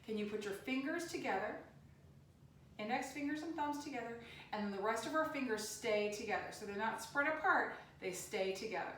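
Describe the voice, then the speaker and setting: High bright lady leading kids yoga, echoey room, sounds far from the mic. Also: expressive, brisk, slight background noise. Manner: gentle, sing-song instructions. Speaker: kids' yoga teacher. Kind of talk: guided kids' yoga class.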